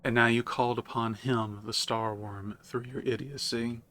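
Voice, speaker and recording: A man's voice: medium pitch, steady tone, moderate pace, fairly bright tone, slight background noise, lightly acted. A man voicing a haughty, commanding queen mother while reading game dialogue aloud. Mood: cold, scornful. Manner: stately, commanding and condescending. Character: haughty regal mother-queen, ruler of a religious city.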